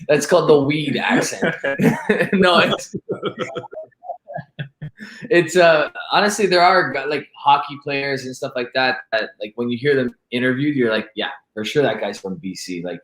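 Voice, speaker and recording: A Canadian man co-hosting a casual chat, talkative and quick to laugh. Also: a little high, fairly bright tone, roomy sound, rough recording. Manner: chatty, laughs a lot. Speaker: co-host.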